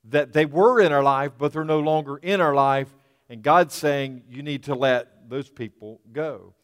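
A man delivering a sermon in a smooth, resonant voice pitched a little high. He preaches earnestly, repeating key words for emphasis. His voice rings with a long reverb, as if in a church hall. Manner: earnest, repetitive preaching with restarts and emphatic pauses. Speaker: pastor.

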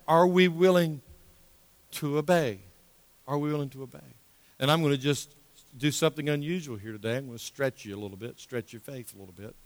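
A man preaching a sermon as a pastor, emphatic, repeating key phrases and dropping to a hushed tone in prayer. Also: sits high, clear, resonant tone, no echo, big-room sound.

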